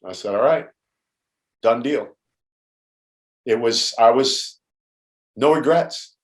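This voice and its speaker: A man's voice: mid-range voice, slow pace. A man in his fifties, a podcast guest, telling a personal story in an emphatic, blunt way and swearing freely. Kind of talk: casual storytelling in conversation. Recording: roomy echo.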